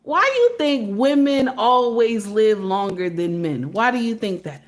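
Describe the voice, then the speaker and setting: A woman's voice: a little high, big pitch swings, measured pace. A woman giving a preachy commentary monologue, firing rhetorical questions at her listeners and calling them her sisters. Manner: emphatic, asks rhetorical questions of her audience; addresses listeners as sisters, sermon-like. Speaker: online commentator.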